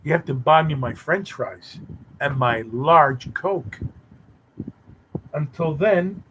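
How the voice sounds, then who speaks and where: A man's voice: on the high side, animated, slow, a bit bright, slight background noise, low-quality recording. A man hosting a casual live stream, teasing and bantering sarcastically with his chat viewers.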